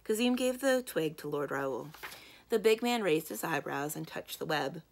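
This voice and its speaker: Lady librarian reading a kids book out loud, gravelly low voice. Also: expressive, normal speed, slight background noise. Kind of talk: children's book read-aloud.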